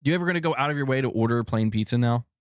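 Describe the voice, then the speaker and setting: A man's voice: mid-range voice, very fast, dry recording, studio quality. A man hosting a casual livestream chat, rambling and correcting himself, laughing often. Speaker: streamer host.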